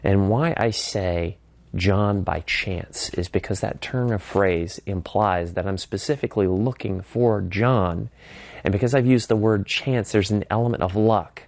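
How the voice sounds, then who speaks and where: A man's voice: on the low side, a little slow, vocal fry, darkish tone, no room sound. A man teaching persuasion techniques in a conversational way, stopping often to act out sample phone calls. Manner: acts out sample phone calls in varied voices. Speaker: sales trainer. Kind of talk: instructional talk.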